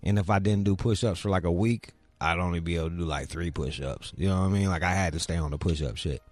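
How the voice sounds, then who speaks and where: A man's voice: low-pitched, quick pace, dry recording, soft background music. A young man hosting a podcast, chatting casually with crude, teasing talk and heavy swearing. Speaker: podcast host. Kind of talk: casual chat.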